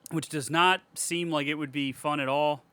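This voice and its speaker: A man's voice: on the high side, moderate pace, clear, resonant tone. A man co-hosting a podcast, retelling a movie in casual chat with profane jokes and laughter. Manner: profane, joking, animated retelling. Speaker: podcast co-host.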